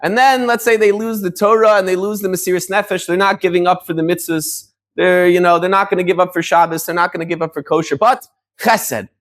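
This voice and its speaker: High-voiced rabbi giving a Torah class. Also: male voice, steady tone, a little fast, a bit bright. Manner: explanatory, with frequent restarts and Hebrew terms in Ashkenazi pronunciation. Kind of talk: conversational Torah lesson.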